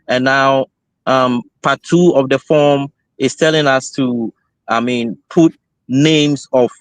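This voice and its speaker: A male caller asking about a form on a live stream. He hesitates and fills his pauses as he talks. The sound is dry. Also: medium pitch, no room sound. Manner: hesitant, many fillers. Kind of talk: phoned-in question on a live show.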